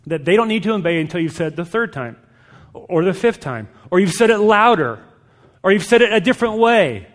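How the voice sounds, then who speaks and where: A middle-aged man preaching a sermon to parents, direct and emphatic, with lively storytelling. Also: high voice, fairly quick, in a large hall. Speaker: pastor.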